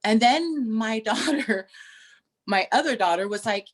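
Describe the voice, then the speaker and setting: A middle-aged woman co-hosting a casual chat, telling stories with restarts and animated quoted voices. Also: on the high side, a little slow. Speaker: podcast co-host.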